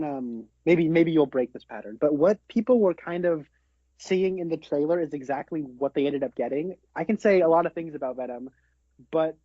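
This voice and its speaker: A man co-hosting a podcast in easy, relaxed chat, his voice a touch higher than most. The sound is very dry, close and dull, like a lo-fi home setup. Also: dry recording. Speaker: podcast co-host.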